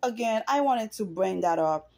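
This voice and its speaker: A woman's voice: mid-range voice, lively intonation, normal speed, gravelly, darkish tone. A middle-aged woman talking straight to camera in an emotional, earnest personal monologue, repeating herself for emphasis. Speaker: vlogger.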